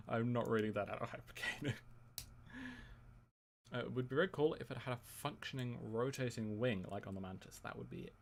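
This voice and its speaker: A man's voice: medium pitch, moderate pace, gravelly, long pauses, slight background noise. A young man from England, chatting casually with his live-stream audience in a dry, teasing way while building a set.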